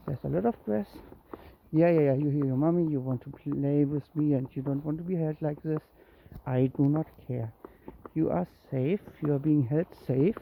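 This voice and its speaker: A cat owner filming a kitten walk on a handheld phone outdoors at dusk, coaxing the kitten with calls and high meows. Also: normal speed, gravelly, slight background noise. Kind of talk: casual narration while walking. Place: outdoors in woods and grass at dusk. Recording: tinny phone-like sound.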